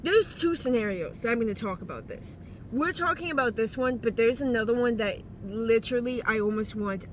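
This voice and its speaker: A woman's voice: on the high side, bright, forceful tone, slight background noise. A young woman with a slight lisp, ranting in a casual vlog, heated and exclamatory with plenty of swearing. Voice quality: slight lisp from dental aligners. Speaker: vlogger giving life advice.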